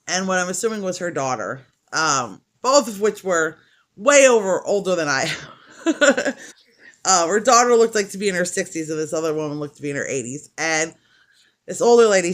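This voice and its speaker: A middle-aged woman with a lowish, slightly bright voice crochets while vlogging. She tells a long, rambling story in a chatty, casual way and laughs often.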